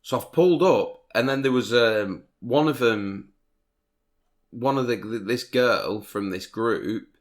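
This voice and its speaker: A man's voice: medium pitch, slow pace. A man, hosting a podcast, telling a long rambling story in casual chat with lots of swearing. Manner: rambling storytelling, heavy swearing, frequent laughs. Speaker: podcast host.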